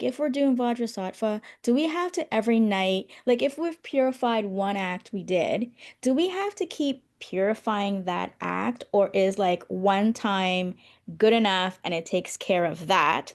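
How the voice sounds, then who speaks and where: A woman participant on a video call asking questions, hesitant and halting with many fillers. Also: fairly high pitch, darkish tone.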